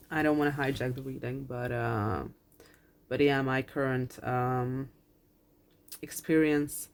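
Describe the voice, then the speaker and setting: Low-pitched woman reading tarot cards for viewers; earnest and reassuring, repeats lines, swears casually, close to tears. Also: fairly even intonation, takes it slowly, pauses often. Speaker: tarot card reader. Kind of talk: pick-a-card reading, spoken to viewers.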